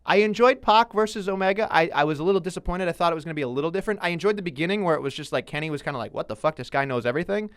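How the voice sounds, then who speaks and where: A young man co-hosting a podcast in casual chat, animated and jokey, swearing freely. His voice is smooth and a little high. The sound is dry and close, with no room at all. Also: rapid-fire, hardly any pauses, no room sound. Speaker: podcast co-host.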